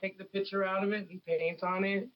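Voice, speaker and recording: A woman's voice: medium pitch, level tone, a little fast, lo-fi sound. A woman rapper from the Pacific Northwest talking frankly in a casual interview, telling stories with plenty of fillers. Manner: frank, storytelling, many fillers. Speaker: guest rapper.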